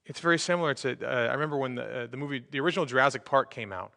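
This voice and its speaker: Bright-voiced man preaching in reverberant hall. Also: mid-range voice, racing, gravelly. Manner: conversational, frequent fillers and restarts. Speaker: pastor. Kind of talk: sermon. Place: church sanctuary.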